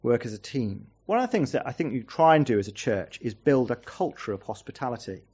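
A man's voice: medium pitch, very animated, brisk, a little mellow, husky, dull audio. A man preaching a sermon as a visiting pastor, earnest and asking the congregation rhetorical questions.

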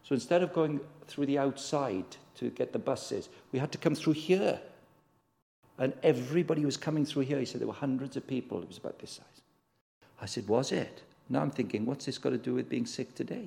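A man's voice: mid-range voice, brisk, creaky, mellow. A man preaching a sermon, telling stories and acting out the voices in the dialogue. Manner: storytelling, acts out voices in dialogue. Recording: long hall reverb.

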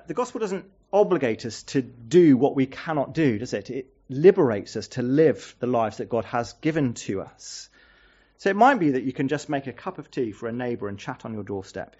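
A man's voice: mid-range voice, darkish tone, highs cut off. A man preaching a sermon as a visiting pastor, earnest and asking the congregation rhetorical questions.

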